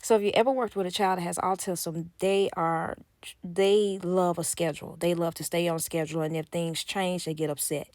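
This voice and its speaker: A woman telling a casual storytime, acting out quoted dialogue with animated gossipy energy, close to a phone mic. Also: fairly low pitch, normal speed, no echo. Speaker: nanny vlogger.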